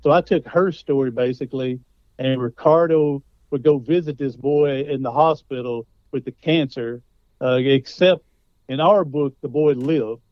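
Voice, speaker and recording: In a muffled recording without room sound, a man with a mid-range voice speaks at a measured pace. He's an author appearing as a guest in a conversational interview, spinning folksy stories.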